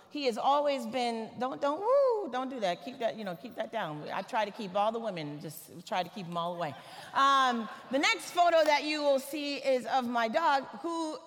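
A woman, from Atlanta, giving a church sermon full of humorous personal stories told in a lively, animated way. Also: on the high side, in a large hall. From Atlanta, Georgia, US. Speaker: guest preacher.

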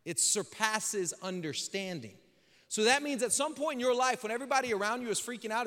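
A male pastor with a bright, ringing voice delivers a conversational sermon, tossing in slang and jokes before pressing his points with rising intensity. His words trail off into the long reverb of a large church hall, and his pitch sits noticeably high for a man. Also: lively intonation, brisk. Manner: joking, slangy, builds to emphatic preaching. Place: church sanctuary.

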